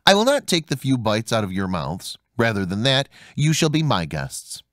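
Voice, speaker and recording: A man's voice: mid-range voice, sing-song, normal speed, a bit bright, no room sound, clean studio sound. A man voicing a generous young joiner. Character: cheerful generous young male journeyman joiner.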